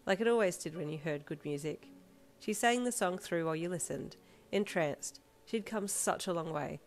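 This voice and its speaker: A woman with a low voice narrates a romantic fan fiction story in second person. She keeps a calm, even storytelling pace. Soft music runs faintly behind her. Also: normal speed.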